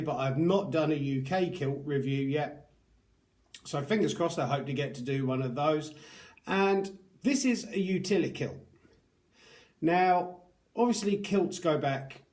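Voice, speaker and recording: A man's voice: on the high side, darkish tone. A man reviewing products to camera, chatty and earnest, with upbeat greetings. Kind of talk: casual talk to camera.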